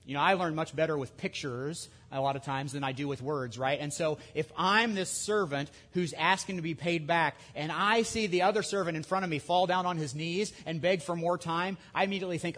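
A man preaching a sermon in a conversational way, with lively asides and restarts. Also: a little high, fairly quick, hardly any pauses. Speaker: pastor.

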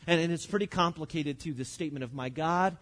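A man, preaching a sermon in an earnest, conversational way and slowing down to stress scripture. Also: fairly high pitch, a bit bright. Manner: earnest and conversational, with frequent restarts and slowed emphasis on scripture. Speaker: pastor.

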